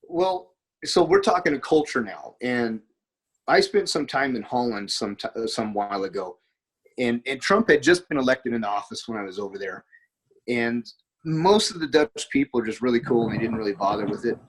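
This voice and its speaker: Man, husky, mid pitch, rambling storyteller, casual podcast guest. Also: lively intonation, normal speed, poor audio. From United States. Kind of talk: casual conversation.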